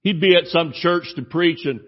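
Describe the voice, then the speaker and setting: A man's voice: on the high side, moderate pace, lo-fi sound. A male preacher telling a rambling anecdote in a sermon, acting out the voices of the people he quotes. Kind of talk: sermon storytelling.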